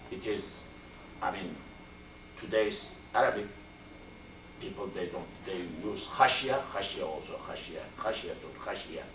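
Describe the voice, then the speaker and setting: An older man teaching a Quran and Arabic class, speaking slowly and repeating Arabic word forms as he explains them. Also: fairly low pitch, noisy background. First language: Turkish. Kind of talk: classroom tafsir lecture. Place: mosque classroom. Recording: roomy, distant amateur video recording.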